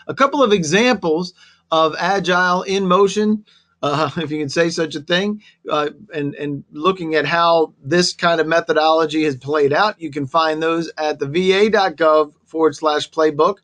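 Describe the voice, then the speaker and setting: A man's voice: on the high side, normal speed. A man hosting an online government briefing, friendly as he walks through a list of web resources. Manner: friendly, lists web resources in a steady presenter tone. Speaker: webinar host.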